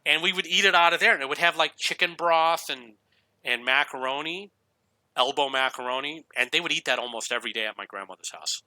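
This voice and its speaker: Bright, crisp-voiced man telling a rambling story. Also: a little high, brisk, dry recording. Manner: rambling, chuckling, with restarts. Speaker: gaming YouTuber. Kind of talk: casual storytelling over gameplay.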